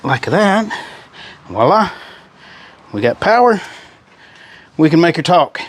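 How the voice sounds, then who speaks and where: A man's voice: on the high side, sing-song, a little slow, long pauses. Folksy man in a noisy garage. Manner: folksy, chatty, talks to viewers while working. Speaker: car restoration vlogger. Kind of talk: casual workshop narration. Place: garage workshop. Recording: noisy garage with engine and tool sounds.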